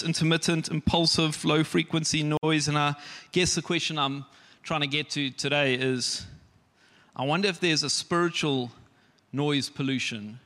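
A man preaching a sermon to his church, earnest, with emphatic pauses and soft shushing. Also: fairly high pitch, big-room sound.

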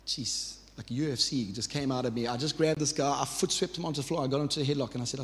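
A man's voice: mid-range voice, quick pace, fairly bright tone, a little hiss or hum. A man in his thirties preaching a sermon as pastor, earnest and conversational, with restarts and repeated phrases. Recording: reverberant church hall.

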